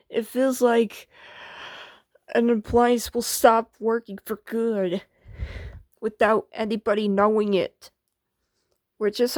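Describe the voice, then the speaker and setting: A woman's voice: fairly high pitch, darkish tone, no echo. A woman voicing an anxious female washing machine that worries about repairs and mispronounces words.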